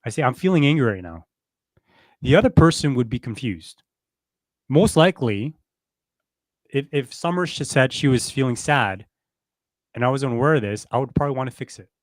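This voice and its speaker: This man co-hosts a relationship podcast, reflecting casually, illustrating points with everyday examples and checking in with "right?" His medium-pitched voice moves a little fast with frequent pauses, and there's no room sound.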